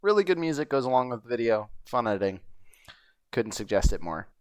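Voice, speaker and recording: A man hosting his own show chats casually over a video he's playing, rambling with frequent fillers and the occasional swear. His medium-pitched voice is sing-song and brisk, with a clean tone and no echo.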